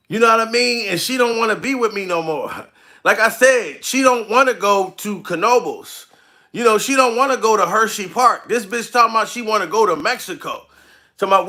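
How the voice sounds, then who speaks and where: A man's voice: very high-pitched, gravelly, pushed and bright. A male comedian ranting on a livestream, profane and laughing often as he speaks to his target directly. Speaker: comedian streaming live. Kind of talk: comedic rant to camera.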